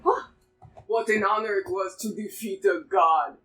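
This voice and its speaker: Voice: medium pitch, a little slow, fairly bright tone, recorded from a distance, faint music behind, natural voice. A game master voicing a scheming former enemy warrior, a man with a Russian accent who talks in a smug, mock-friendly, menacing way.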